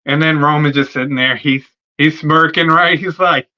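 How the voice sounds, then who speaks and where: A man's voice: on the high side, steady tone, moderate pace, hardly any pauses, pushed and bright, highs cut off. A man hosting a wrestling podcast, rambling through a profane, filler-heavy fantasy-booking rant in casual talk. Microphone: streaming setup mic.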